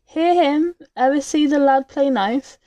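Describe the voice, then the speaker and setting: A vulgar little rogue who taunts and mocks the people around him, as a woman reads his lines from a storybook. Her tone is dark and mellow, and the sound is close and dry. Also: high voice, a little slow, dry recording, voice pushed up. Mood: mocking. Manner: rude, mocking. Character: coarse, vulgar small male rogue.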